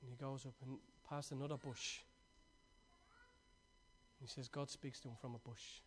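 A man preaching a sermon, moving from lively, laughing stories to quiet, urgent exhortation. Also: mid-range voice, moderate pace, a little hiss or hum. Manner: swings from excited, laughing storytelling to hushed, urgent exhortation.

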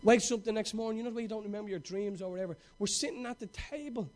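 This middle-aged man talks very fast in a high-pitched voice as he preaches a fervent, story-driven sermon, moving back and forth between loud outbursts and hushed moments.

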